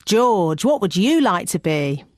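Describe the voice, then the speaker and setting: A woman's voice: medium pitch, big pitch swings, measured pace, a little hiss or hum. A woman voicing a cheerful, chatty rabbit lady who paints faces in a cartoon.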